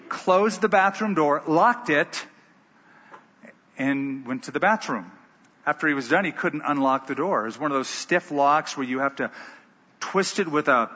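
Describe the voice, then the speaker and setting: A man's voice: a little high, bright, forceful tone. A man preaching a sermon who tells stories with emphatic delivery. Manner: storytelling, emphatic. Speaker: pastor. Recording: dull, echoey hall.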